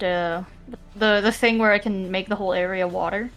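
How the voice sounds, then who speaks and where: A woman's voice: mid-range voice, steady tone, moderate pace, fairly bright tone. Woman playing tabletop game, hesitant, lots of uhs, faint music behind. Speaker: player. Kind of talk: casual tabletop play.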